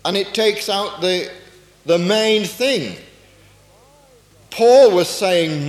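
Male preacher, earnest sermon, rhetorical questions, unhurried delivery, roomy reverberant hall. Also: sits high, very animated. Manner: slow, earnest Bible exposition with rhetorical questions. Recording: echoey hall with long reverb.

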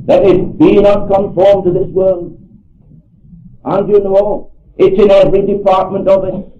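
Older male preacher, earnest, emphatic, high voice, tinny hall recording. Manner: earnest, emphatic, repeats phrases for stress. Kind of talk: sermon. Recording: echoey hall over a tinny phone-like line.

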